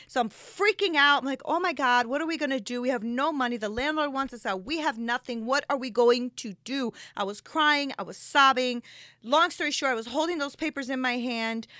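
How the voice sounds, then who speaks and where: A woman's voice: high voice, sharp tone, dry recording. A middle-aged woman telling an emotional personal testimony, acting out the quotes and close to tears. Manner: tearful, dramatic retelling with voiced quotes. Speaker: guest telling her testimony.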